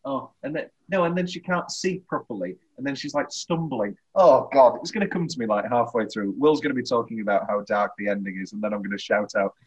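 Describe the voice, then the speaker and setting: On a laid-back film podcast, this co-host rambles, cuts himself off and keeps laughing partway through sentences. He talks briskly at a medium pitch with hardly any pauses, his voice slightly rough, over dull lo-fi audio.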